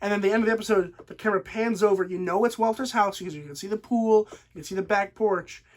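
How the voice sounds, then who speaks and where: A man's voice: sits high, fast talker. A man giving a casual spoken TV show review, enthusiastic and rambling, with lots of fillers.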